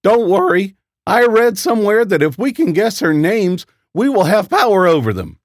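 A man voicing a panicky young man in a spoken horror story, talking in frantic, rushed outbursts. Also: high-pitched, very animated, no echo, studio quality, pitched above the performer's own voice. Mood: panicked.

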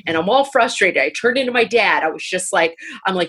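A husky-voiced woman hosting a relaxed conversation. She tells animated stories and breaks into easy laughter. Her tone has a slightly breathy edge. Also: mid-range voice, a little fast. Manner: laughs freely, animated storytelling. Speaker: podcast host. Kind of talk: casual conversation.

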